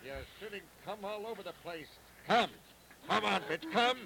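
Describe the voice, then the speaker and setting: A man's voice: sits high, moderate pace, vocal fry, a crowd in the background. A man playing a bossy, crude adult lover in an audio drama, barking coarse commands and taunts. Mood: commanding. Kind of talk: explicit audio drama acting.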